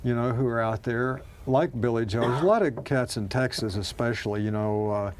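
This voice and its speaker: A man from the American South, a guest actor chatting casually, rambling and wry with many pauses and fillers. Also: medium pitch, darkish tone, slight background noise. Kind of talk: casual chat.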